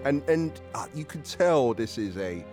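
A man's voice: mid-range voice, animated, unhurried, music in the background. A male radio presenter chatting in an encouraging, enthusiastic way with a caller in the studio. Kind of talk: casual radio chat.

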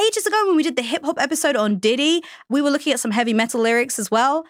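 A woman co-hosting a podcast, chatty and curious, pushing with questions and laughing easily. Her pitch swings widely and sits fairly high, with a dry, close recording. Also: animated, fast talker, few pauses, no room sound. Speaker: podcast co-host. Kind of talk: podcast discussion.

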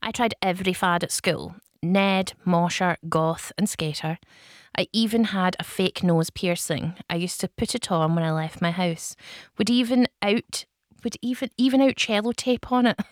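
A woman's voice: on the low side, moderate pace, no echo, studio quality. A woman co-hosting a radio show in casual chat, self-mocking and laughing often. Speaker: radio co-host.

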